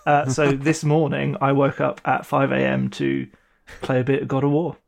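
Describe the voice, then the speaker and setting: A young man co-hosting a casual podcast, talking in a relaxed, hesitant way with many ums. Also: mid-range voice, normal speed, vocal fry. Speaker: podcast co-host. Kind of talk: casual chat.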